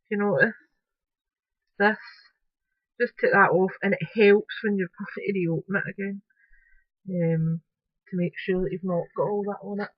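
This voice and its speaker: A woman's voice: mid-range voice, fairly even intonation, moderate pace, pauses often, no room sound. Chatty Scottish woman at her craft table. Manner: chatty, talks through each step with apologetic asides. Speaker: crafting vlogger. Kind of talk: casual craft tutorial narration. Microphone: camera close-up. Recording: dull, dry home recording.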